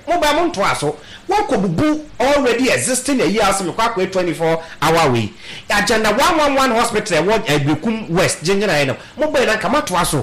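A Ghanaian man talking politics with heated, emphatic energy, his voice sitting high and swinging widely in pitch. He switches between Twi and English. The sound has a noticeable room echo. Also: sing-song, a little fast, few pauses, fairly bright tone. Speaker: political caller or panelist. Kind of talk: impassioned call-in political talk.

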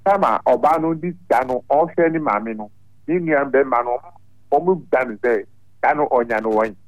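A male caller who rambles to the host in broken English. His mid-pitched voice sounds close and dry. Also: animated, normal speed, no echo, dull audio. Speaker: radio caller.

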